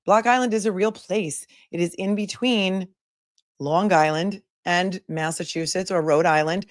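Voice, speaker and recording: A woman hosts a live commentary stream in a relaxed, joking way, reading out messages from her chat as she goes. Her voice sits on the low side, and the recording is dry and close with no room sound. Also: unhurried, no room sound. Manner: chatty, jokey, reads chat messages aloud.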